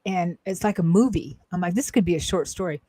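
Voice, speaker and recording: A woman's voice: on the low side, fairly quick, warm tone, dry recording. Rambling, hesitant woman with a dry, close sound. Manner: rambling and hesitant, many fillers and restarts. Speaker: psychic-medium co-host. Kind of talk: casual spiritual talk show.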